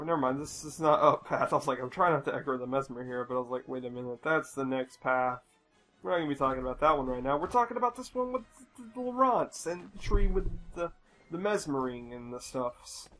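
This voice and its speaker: Over a rough recording, a young American man offers loose, meandering gameplay commentary, cursing a lot and quickly losing patience. His voice has a medium pitch and a fairly bright tone.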